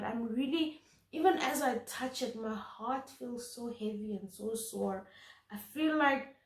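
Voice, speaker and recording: A woman's voice: fairly high pitch, a little mellow, reverberant. A woman giving an intuitive tarot reading to camera, earnest and emphatic, often repeating words for stress. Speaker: tarot reader.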